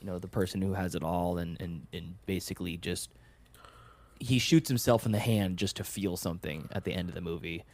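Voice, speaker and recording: A man hosting a podcast, musing over a film in a halting, thoughtful way, full of restarts. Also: low-pitched, fairly even intonation. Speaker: podcast host. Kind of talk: casual film review chat.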